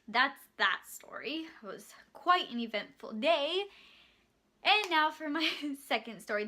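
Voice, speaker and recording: Bright high-voiced young woman storyteller. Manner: animated, acts out quoted voices. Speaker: vlogger. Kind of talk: casual storytelling vlog.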